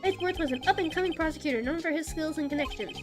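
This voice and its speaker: A streamer voicing a formal TV news anchor in a measured announcer cadence. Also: female voice, high voice, over music, pitched above the performer's own voice, natural voice. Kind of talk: mock news broadcast reading.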